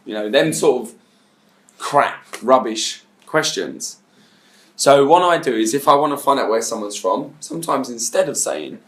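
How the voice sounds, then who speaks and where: A man's voice: medium pitch, animated, moderate pace, roomy sound. A man teaching a bootcamp session, telling a story and acting out both sides of a chat.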